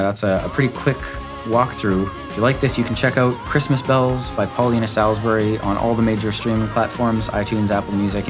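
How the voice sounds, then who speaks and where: A man, a music producer, giving an upbeat, enthusiastic walkthrough of how a song was produced. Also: mid-range voice. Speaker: music producer and recording engineer. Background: faint music from the track.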